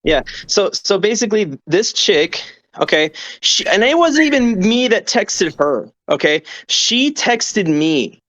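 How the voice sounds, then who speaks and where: A man's voice: high voice, sing-song, a little slow, a bit bright. A young man co-hosting a podcast, telling a story in a rambling, casual way and checking in with his listeners as he goes. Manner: rambling, keeps checking in with "okay?". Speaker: podcast co-host. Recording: dull lo-fi audio.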